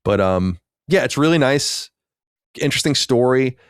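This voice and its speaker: A man co-hosts a podcast at normal speed, his medium-pitched voice clear and resonant with lively intonation. He chats casually and rambles, restarting often and using fillers, and the clean studio sound has no echo.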